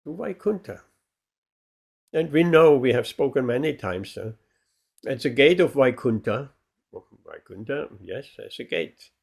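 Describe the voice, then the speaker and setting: A man, a spiritual teacher, telling a devotional story in a lecture, with many pauses and fillers. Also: medium pitch, animated, creaky, breathy edge.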